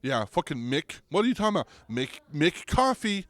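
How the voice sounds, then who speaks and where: A young man hosting a podcast, ranting comedically with lots of swearing and restarts, getting louder and higher when worked up. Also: sing-song, normal speed, dry recording. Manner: rambling, profane, restarts, goes loud and high when riled. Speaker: podcast host. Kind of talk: comedic rant.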